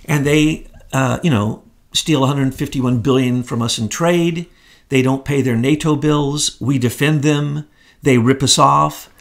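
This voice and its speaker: A man's voice: medium pitch, measured pace, vocal fry. A man co-hosting a political commentary chat, emphatic and scornful in his delivery. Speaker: co-host.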